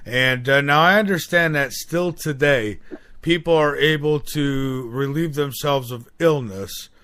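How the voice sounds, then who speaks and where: A man interviewing a guest, asking questions in a halting way with restarts. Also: on the high side, a bit bright, clean tone, no echo.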